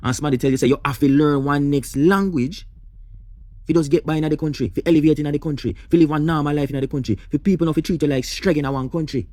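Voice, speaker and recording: A man's voice: fairly high pitch, fairly even intonation, fast talker, a little mellow, no echo. A man with a Jamaican accent giving passionate, rhetorical commentary, repeating his questions. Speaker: reaction host. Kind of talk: opinionated commentary.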